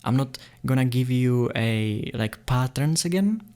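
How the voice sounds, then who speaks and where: A man's voice: medium pitch, measured pace, clear, resonant tone. Playful man explaining beatbox sounds. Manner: playful, excitable, laughs often. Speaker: beatbox tutor. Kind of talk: casual tutorial explanation.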